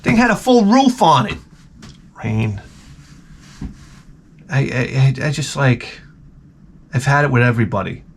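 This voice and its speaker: Man, vlogger, has the flu, comedic rant, exasperated, profane, rambling, lively pitch. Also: a little slow, gravelly, pauses often, slightly rough. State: sick with the flu.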